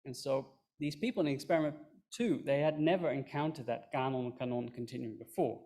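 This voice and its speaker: A man presenting research findings at a conference, explaining in a relaxed way with fillers and dry asides. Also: medium pitch, fairly quick. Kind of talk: recorded academic talk.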